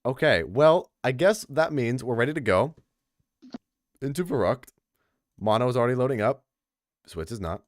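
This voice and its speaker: Speaking at a moderate pace with frequent pauses, a young male caster with a mid-range voice commentates a game tournament on a stream. He chats with viewers in a lively, chatty way, addressing the chat. The audio has no echo and is studio quality.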